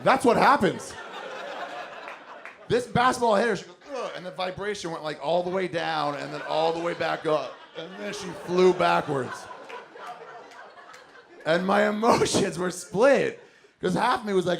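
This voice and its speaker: A man with a gravelly, fry-edged voice that sits a little high for a man tells a rambling stand-up story on stage. He swears freely and acts out the lines of the people in his tale, speaking into a handheld mic. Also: moderate pace, a faint crowd. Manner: profane, animated, acts out quotes. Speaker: stand-up comedian.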